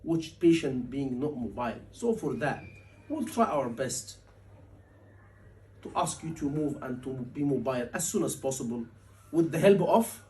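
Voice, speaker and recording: A man teaching a surgery exam class, animated and asking his students questions often, acting out patient lines. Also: mid-range voice, measured pace. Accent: Liverpool. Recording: voice from a distance.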